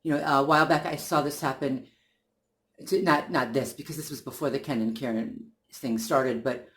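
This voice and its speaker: A man's voice: mid-range voice, fairly even intonation, normal speed, a bit bright. A man talking in a casual monologue, earnest and indignant, often restarting his sentences as he works through his point. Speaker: channel host.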